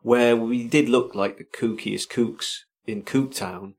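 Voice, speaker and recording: A man's voice: mid-range voice, fairly even intonation, slow, a little mellow. A man co-hosting a podcast in casual chat, telling stories with self-mocking humour. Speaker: podcast co-host.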